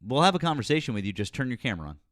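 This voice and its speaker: A man's voice: medium pitch, sing-song, racing, a bit bright, dry recording, clean studio sound. A man hosting a live political call-in stream, talking bluntly and cursing freely. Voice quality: blunt, profane, exasperated. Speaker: host.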